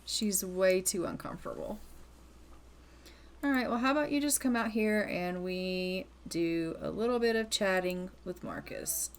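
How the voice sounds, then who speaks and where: A young woman casually commenting on her gameplay in a chatty way, speaking her characters' thoughts in quick asides. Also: medium pitch, smooth. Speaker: gaming video host.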